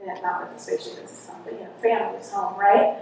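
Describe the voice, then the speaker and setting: A woman's voice: mid-range voice, steady tone, fast talker, vocal fry, darkish tone, a little hiss or hum. A woman who is a hypnotherapist, telling the story of a session on stage in a casual, chatty way, full of asides to a live audience. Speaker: hypnotherapist presenter. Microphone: recorded for the room, far from the recorder. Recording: distant, echoey hall recording with faint ambience.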